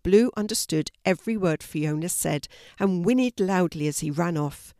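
An older woman reading a children's story aloud, calm and clear. Her voice sits low and gentle. The recording is dry and close. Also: moderate pace, no room sound.

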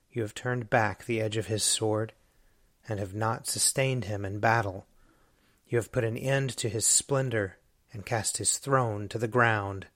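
A man reading psalms aloud in a measured, solemn liturgical recitation. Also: mid-range voice, fairly bright tone, no echo, clean studio sound. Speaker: scripture reader.

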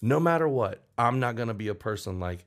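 A man's voice: medium pitch, fairly quick. A man who writes songs, telling a story in an interview, rambling and acting out what people said. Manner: animated, rambling, acts out quotes in raised voice. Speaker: songwriter.

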